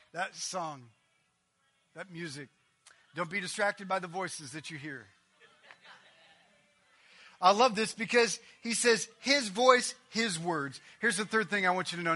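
A man preaching a sermon in a high, bright voice. He talks conversationally, with quick asides and fillers. He pushes some lines out loud and emphatic and drops others to a near-whisper. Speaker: pastor.

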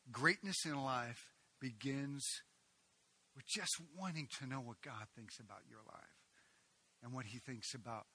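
A middle-aged man preaching a sermon, moving from loud proclaiming to quiet, halting storytelling full of restarts. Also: medium pitch, husky. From United States. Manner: animated storyteller with many restarts and stammers. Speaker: pastor.

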